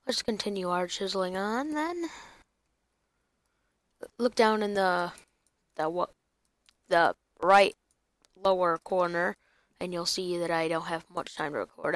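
A woman's voice: fairly low pitch, gravelly, dry recording. A young woman chatting casually through a block-building game video, rambling and breaking into silly sing-song bits. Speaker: gaming YouTuber. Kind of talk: casual gaming commentary.

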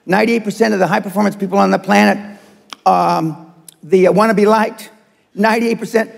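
In a large seminar hall, an older man gives a motivational talk to a live audience, blunt, profane and confrontational. His voice is high, gravelly and a little fast, with fairly even intonation, and the live recording is reverberant.

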